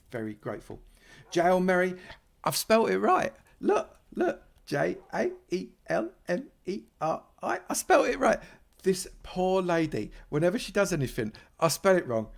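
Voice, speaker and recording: A man's voice: mid-range voice, a little mellow. A man, giving casual, playful commentary while playing Minecraft and thanking supporters. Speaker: Minecraft YouTuber.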